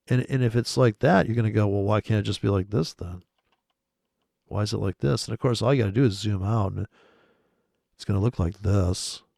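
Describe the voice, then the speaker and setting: A man's voice: lowish voice, vocal fry, a little mellow, no room sound, clean studio sound. A man rambling sarcastically and profanely in casual chat about trading over charts. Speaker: trading commentator.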